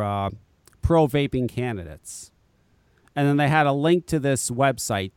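A man's voice: mid-range voice, clean tone, no room sound. A man on a podcast chatting casually and ranting in an exasperated, profane way. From Connecticut, US. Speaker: podcast co-host, vape shop owner.

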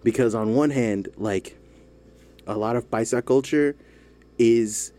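A man's voice: medium pitch, slow, mellow. A man from the United States in a casual comedic chat, rambling, laughing often and trailing off.

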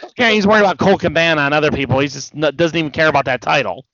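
A man's voice: on the high side, racing, a bit bright. A man co-hosting a casual wrestling podcast, rambling and hesitant with many restarts, a bit tired. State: yawning, tired. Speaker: podcast co-host. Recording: dull dry podcast audio.

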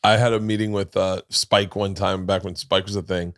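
A male podcast host tells stories during casual chat, animatedly acting out quotes with big leaps in pitch. He talks at a normal speed, and the studio-quality recording has no room sound.

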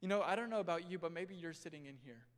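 A young male pastor preaching a sermon in a church, swinging between loud and hushed delivery. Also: fairly high pitch, quick pace. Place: church sanctuary. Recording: long hall reverb.

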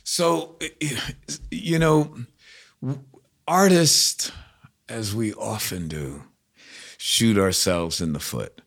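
Older man telling lively anecdotes. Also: on the low side, slow pace, vocal fry, pauses often. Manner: animated anecdotes, frequent "like" and restarts. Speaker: guest musician. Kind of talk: casual conversation, storytelling.

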